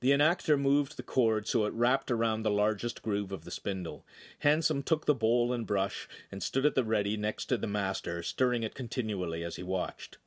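A man narrating an audiobook in an expressive storytelling manner. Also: on the low side, normal speed. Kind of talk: scripted narration.

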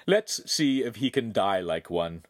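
In this audiobook narration, a man voices an arrogant young swordsman villain who is mocking, cruel, and sneering. His voice is on the low side, very animated, and a little slow, captured in a dry, studio-quality recording.

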